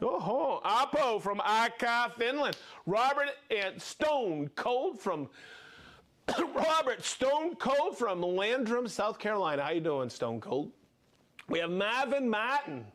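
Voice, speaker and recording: Lively high-voiced male stream host. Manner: upbeat, reads off viewer names with quick asides. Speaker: livestream host. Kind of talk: live stream greetings.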